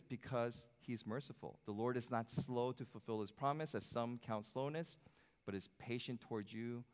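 A man's voice: lowish voice, big-room sound. A male pastor preaching a sermon in a conversational way, with joking asides.

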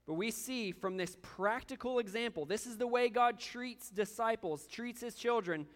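An earnest male pastor delivers a sermon in a high, smooth and resonant voice. He often repeats words as he presses a point. His voice carries a long reverb, as in a church hall. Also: moderate pace, hardly any pauses, a bit bright.

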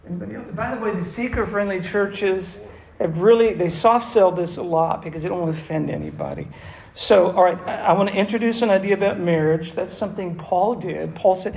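A man's voice: high voice, lively intonation, a little fast, gravelly, darkish tone. A man as a pastor giving an interactive, conversational sermon to a church class, often asking the audience questions. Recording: roomy echo with faint room noise.

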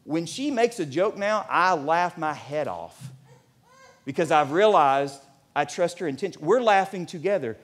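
High-pitched guy preaching in a church, gets loud and animated, forties. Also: a little slow. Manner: animated preaching, rising to near shouts. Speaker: pastor. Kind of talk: sermon.

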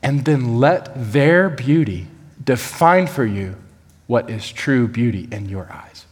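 A man preaching a sermon, animated and acting out the voices he quotes. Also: medium pitch, slow, breathy edge, long reverb tail. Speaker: pastor.

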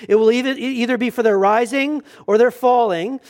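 High-voiced pastor preaching. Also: male voice, fairly quick, a little mellow. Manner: conversational, earnest, humorous asides, frequent restarts. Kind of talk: sermon.

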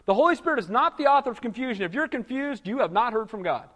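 A man's voice: very high-pitched, expressive, quick pace, bright, forceful tone, long reverb tail. A male pastor preaching a sermon, emphatic, often asking the congregation "Amen?" and filling with "you know".

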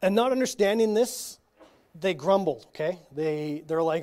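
A man reading scripture slowly at a church teaching, breaking off for casual asides and frequent checks like "okay?". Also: high-pitched, lively intonation, a little mellow. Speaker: Bible study teacher.

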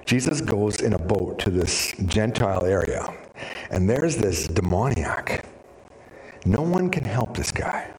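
A man preaching a sermon as pastor, animated and storytelling, with sudden drops to a hushed voice. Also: fairly low pitch, measured pace. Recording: reverberant hall.

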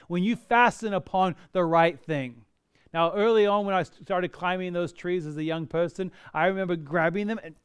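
A man's voice: sits high, clear, resonant tone. A man preaching a sermon, earnest and building to emotional intensity. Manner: earnest, rising to emotional intensity on quoted prayers.

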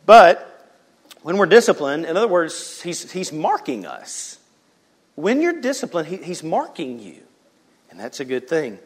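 A man preaching a sermon in a relaxed, conversational way, with a voice that sits a bit higher than most men's. He tells stories with lively energy, throws in joking asides and often restarts a phrase mid-sentence. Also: husky. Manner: animated storyteller with joking asides and quick restarts. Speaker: pastor. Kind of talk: conversational sermon with personal storytelling.

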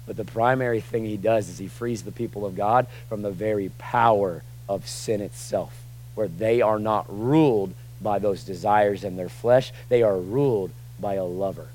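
Joking pastor with loud emphatic bursts. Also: male voice, lowish voice, moderate pace, a little hiss or hum, low-quality recording. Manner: conversational, joking, swings from quiet asides to loud emphatic bursts. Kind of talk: sermon. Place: church.

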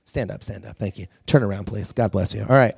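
A man's voice: lowish voice, brisk, creaky, breathy edge, dry recording, studio quality. A man preaching to a youth group, telling stories animatedly and acting out quotes. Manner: animated storytelling with acted-out quotes. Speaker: youth pastor.

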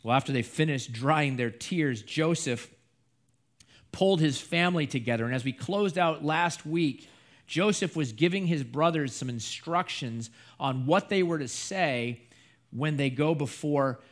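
A man preaching a sermon, retelling a scripture story in a lively storytelling way. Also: fairly high pitch, a little slow. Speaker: pastor.

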